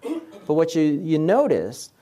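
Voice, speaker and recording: A man delivers a medical presentation in an animated, rising-and-falling voice. He walks his listeners through the charts step by step and keeps checking that they follow with a habitual "right?". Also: on the high side, slow. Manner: explanatory, checks in with a constant "right?". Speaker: doctor giving a lecture. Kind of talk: presentation lecture explaining slides.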